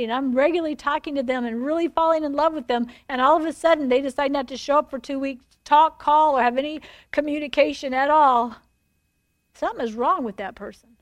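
A woman with a high voice preaches a sermon, telling stories animatedly and emphatically while acting out the dialogue. There's no echo.

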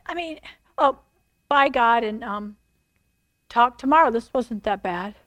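A woman's voice: a little high, animated, measured pace, a bit bright, no room sound. A woman voicing a self-absorbed married man who prays in a rambling, distracted way.

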